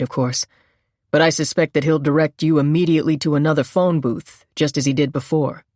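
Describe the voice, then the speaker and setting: A woman narrator voicing a steely male agent who speaks crisply and in a businesslike way. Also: a little high, no echo, studio quality, close to an everyday voice.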